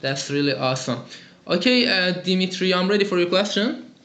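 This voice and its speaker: A man's voice: high-pitched, expressive, a little fast, fairly bright tone, reverberant. A man teaching an English lesson and answering students' calls in an upbeat, chatty way, with lots of fillers. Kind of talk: live lesson and call-in Q&A.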